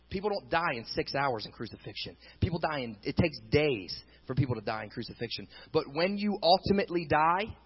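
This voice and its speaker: Male pastor, fairly high husky voice, preaches with dramatic swells and quiet drops, muffled lo-fi sound. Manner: dramatic preaching, rising loud and falling quiet. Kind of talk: sermon.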